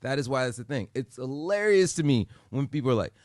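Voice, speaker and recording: Man co-host, casual podcast chat, emphatic and animated delivery with stammered restarts, dry close mic, mid-range voice. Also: mid-range voice, a little fast, no room sound.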